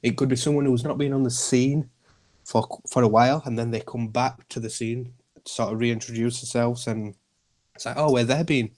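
A man's voice: mid-range voice, fairly even intonation, normal speed, darkish tone. A man, a podcast guest speaking earnestly and reassuringly about looking after each other. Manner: earnest, reassuring, repeats himself. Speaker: guest, community group founder. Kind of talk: podcast interview.

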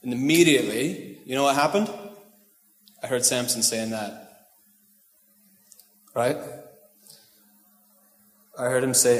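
A man's voice: mid-range voice, takes it slowly, long pauses. A male pastor giving a casual, joking sermon, often checking in with the congregation. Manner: casual, joking asides, asks the crowd "right?". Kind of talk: conversational sermon. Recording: echoey hall with long reverb.

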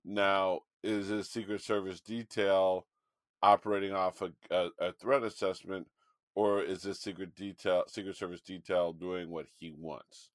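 Low-voiced man telling an animated story. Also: dry recording, studio quality. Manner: animated storyteller, frequent restarts. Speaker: podcast co-host. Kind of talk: casual political chat.

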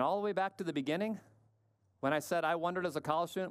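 A man with a high, crisp voice delivers a sermon in a dry, close-miked sound. He speaks emphatically, asks pointed questions, and sinks low and slow for weight. He sounds middle-aged. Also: no echo. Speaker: pastor.

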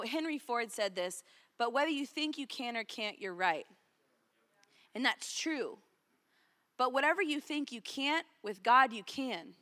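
Woman preacher, brightish higher voice, chatty storytelling sermon delivery, long hall echo. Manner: conversational storytelling, lots of "like".

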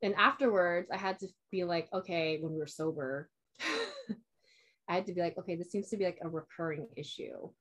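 A woman's voice: fairly low pitch, big pitch swings, moderate pace, fairly bright tone. A young woman in casual chat, telling a long personal story in a rambling way, filling it with "like" and quoting herself and others.

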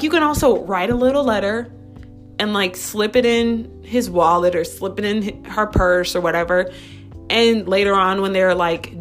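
A woman hosting a podcast who gives relationship advice in a chatty, bubbly way, full of asides. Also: mid-range voice. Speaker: podcast host. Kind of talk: casual relationship advice chat.

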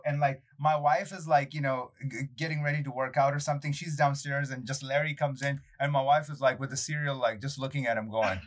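A man in his thirties, a guest chatting casually in an interview, telling animated stories full of fillers and acted-out quotes. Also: on the high side, brisk, few pauses. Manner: animated storyteller, acts out quotes, many fillers.

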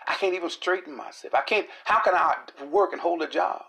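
A preacher acting out a long-suffering, crippled woman who pleads with God in a low, hushed prayer. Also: fairly quick, gravelly. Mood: pleading. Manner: soft, lamenting prayer.

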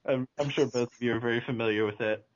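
Brief: male co-host, easygoing chat, mid pitch, dull lo-fi audio. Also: steady tone, fast. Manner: laughs often while retelling scenes. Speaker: podcast co-host. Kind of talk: casual chat.

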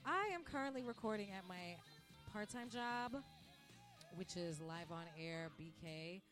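A woman at mid pitch rants casually on her podcast, rambling and animated and slipping into put-on voices for the people she quotes. She records from the restaurant where she works, and faint music plays in the background. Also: measured pace. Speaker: podcast host. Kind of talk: casual ranting monologue.

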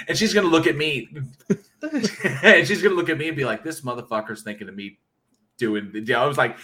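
Guy cohosting a horror podcast, quick and bright, rambly and laughy. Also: mid-range voice. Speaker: podcast co-host. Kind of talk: casual chat.

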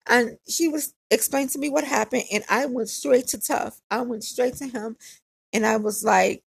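A woman's voice: on the high side, moderate pace, gravelly, husky, no echo. A woman casually telling a personal story in a candid, conversational way, often repeating phrases for emphasis.

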